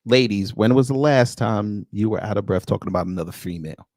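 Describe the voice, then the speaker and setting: A man's voice: on the low side, a little fast, a little mellow, dry recording, studio quality. A man hosting a live reaction stream, talking casually and mockingly, often breaking into laughter.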